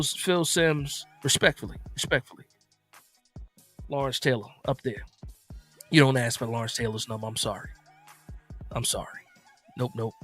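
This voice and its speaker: A man from New Jersey with a slight Southern lilt, hosting a casual sports livestream, reading chat comments aloud and answering in a relaxed, repetitive way. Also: a little high. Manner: reads chat comments aloud and responds, laid-back, repeats phrases. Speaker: livestream host.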